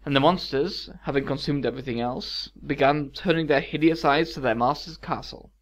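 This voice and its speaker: Man narrating a dark fairy tale. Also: fairly high pitch, normal speed. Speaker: storyteller.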